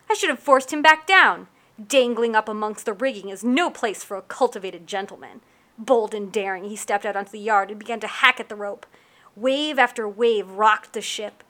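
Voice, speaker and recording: A woman reading a first-person adventure story aloud with lively, wry storytelling. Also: a little high. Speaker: audiobook narrator.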